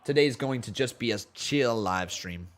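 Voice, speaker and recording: A man with a mid-range voice hosts a casual live stream, calling old wrestling matches at a moderate pace and reading chat aloud. His animated play-by-play is laid-back but jumps to hyped shouting, and his voice sounds a little sore and tired.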